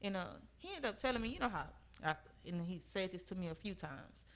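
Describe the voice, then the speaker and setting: A woman's voice: fairly low pitch, animated, a little fast, a bit bright, poor audio. A young woman talking as a podcast guest, telling a personal story in an earnest, emphatic way and often checking in with her listeners. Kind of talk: conversational storytelling.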